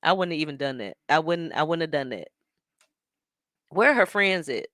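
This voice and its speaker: A woman hosting a show, talking in an animated, sassy way with plenty of slang while she reacts to a stream. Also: low-pitched, moderate pace, no echo, studio quality. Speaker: show host. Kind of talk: casual commentary reacting to a stream.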